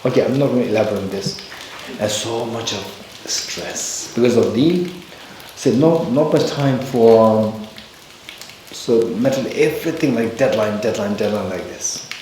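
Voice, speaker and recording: A man, a Buddhist teacher, giving a dharma talk in a large temple hall, telling a personal story with halting restarts and bursts of emphasis. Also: on the low side, darkish tone, a little hiss or hum. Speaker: Buddhist teacher leading a retreat. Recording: very echoey hall.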